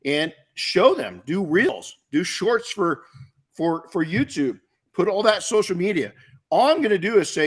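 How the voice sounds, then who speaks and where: A man's voice: high voice, very animated, unhurried, breathy edge. Blunt, emphatic middle-aged male coach. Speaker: podcast host and detailing business coach. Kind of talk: casual Q&A advice talk.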